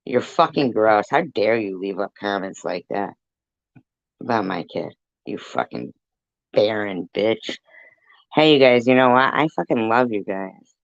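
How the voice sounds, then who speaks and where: Low, slow, profane ranting man. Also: gravelly, no echo, muffled recording. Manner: profane, taunting, slow and deliberate. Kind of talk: angry rant to camera.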